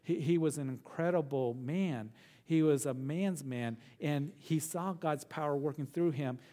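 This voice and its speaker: A middle-aged male pastor teaching a verse-by-verse sermon, earnest, repeating phrases for emphasis and slowing down on key words. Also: a little high, mellow.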